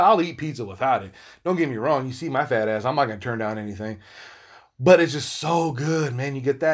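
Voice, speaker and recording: A man talking casually to his viewers in a rambling, profane, laid-back monologue. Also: mid-range voice. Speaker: vlogger.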